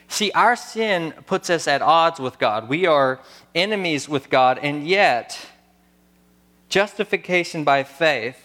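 A man in his thirties preaching a sermon, earnest and storytelling, pausing before key words. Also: on the high side, fairly bright tone. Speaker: pastor.

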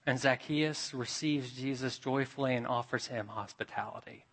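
A man's voice: mid-range voice, moderate pace, a bit bright. Male preacher, sermon, storytelling, rhetorical questions, acts out quoted voices. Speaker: pastor.

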